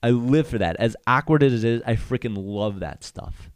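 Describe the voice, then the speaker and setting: A man's voice: medium pitch, brisk, few pauses, no echo, clean studio sound. A young man hosting a solo podcast, telling comedic stories and acting out voices and sound effects. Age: young adult. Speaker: podcast host.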